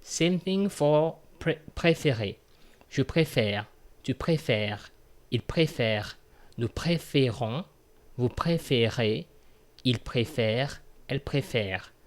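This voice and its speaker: Slow-paced man teaching grammar. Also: mid-range voice, animated. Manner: slow, repeats conjugations aloud, explains step by step. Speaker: French teacher. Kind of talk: grammar lesson.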